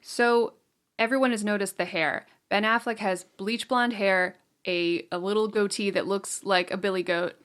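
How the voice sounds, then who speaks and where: A woman's voice: medium pitch, steady tone, normal speed, a bit bright, clean tone. A woman co-hosting a film podcast, explaining details from her prepared notes in casual chat. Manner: brings prepared notes, explains facts plainly. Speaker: podcast co-host.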